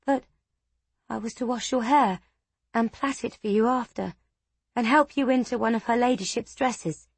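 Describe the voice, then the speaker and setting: A woman's voice: fairly high pitch, normal speed, long pauses, breathy edge, dry recording, voice pushed up. A woman voicing a timid, anxious young maid. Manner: fearful, pleading. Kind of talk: audiobook character voice.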